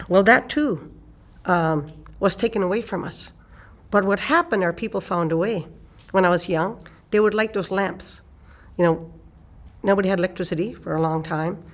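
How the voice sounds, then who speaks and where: An older woman from eastern Canada, an elder telling a personal story in an unhurried way and repeating phrases for emphasis. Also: fairly low pitch.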